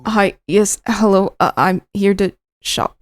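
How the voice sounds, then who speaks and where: A woman's voice: mid-range voice, steady tone, dry recording, clean studio sound, faint music behind, natural voice. A woman doing a stammering shy young man. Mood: flustered. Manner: stammering, halting. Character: shy flustered young man, nervous suitor. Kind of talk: reading a visual novel aloud.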